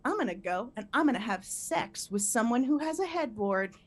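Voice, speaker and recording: A woman in her thirties performing a live stand-up set, animated and laughing through her punchlines. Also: on the high side, moderate pace. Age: 30s. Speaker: stand-up comedian.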